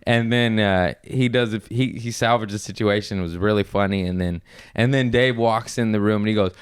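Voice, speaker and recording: A man's voice: moderate pace, smooth. A young adult man, a comedian, telling stories in casual chat, swearing freely and acting out the people he talks about. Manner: animated storyteller who acts out others in high squeaky voices, swears often. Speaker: comedian, podcast guest.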